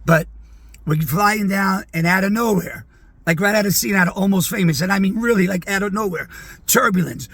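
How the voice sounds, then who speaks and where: A man's voice: sits high, moderate pace, a bit bright, husky, no echo. A man in his sixties telling a long, chatty personal anecdote to viewers, rambling and peppered with asides. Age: 60s. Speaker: video storyteller. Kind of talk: casual anecdote told to viewers.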